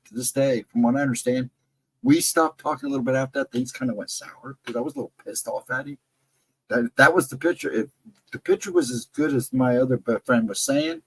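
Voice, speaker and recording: Husky middle-aged man telling a story. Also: mid-range voice, low-quality recording. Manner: rambling, with self-corrections and aside remarks. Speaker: storyteller on a live chat show. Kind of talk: casual storytelling.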